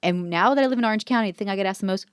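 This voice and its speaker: A woman's voice: racing, clean tone, dry recording, clean studio sound. A woman in her thirties, a guest on an interview show, telling self-deprecating stories with lots of laughter and acting out voices in her quotes. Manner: animated storyteller, acts out quotes with big pitch jumps. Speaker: podcast guest, mom lifestyle expert. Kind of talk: casual interview chat.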